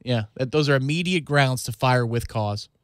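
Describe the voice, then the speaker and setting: A man co-hosting a sports talk radio show with dry, deadpan humor. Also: mid-range voice, moderate pace, no room sound. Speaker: radio co-host. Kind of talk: casual sports radio banter. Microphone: studio microphone.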